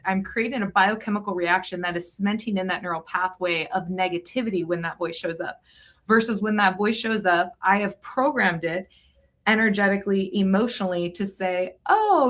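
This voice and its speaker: A woman's voice: mid-range voice, a bit bright. A woman hosting a podcast interview, enthusiastic and affirming, sharing her own experiences. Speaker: podcast host. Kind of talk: casual interview chat.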